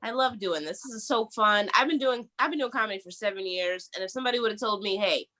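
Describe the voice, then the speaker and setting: A woman's voice: medium pitch, quick pace, sharp tone. A woman headlining a stand-up set over a video call, bubbly and playful as she tells stories.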